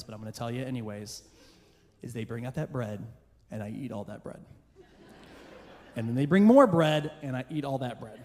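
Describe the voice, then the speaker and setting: A man telling a funny personal story in a sermon to a church crowd, moving between playful jokes and hushed earnest moments. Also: mid-range voice. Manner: comic, self-deprecating storyteller who shifts into hushed earnest passages. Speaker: church speaker. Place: church hall with a live audience. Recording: roomy hall reverb with faint background noise.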